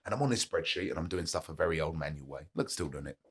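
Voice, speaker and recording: A man talking candidly as a podcast guest, earnest and plain-spoken, driving his points home by repeating them. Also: fast talker. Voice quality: gravelly husky low voice. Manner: earnest and motivational, plain-spoken, uses repetition. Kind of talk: candid conversational storytelling.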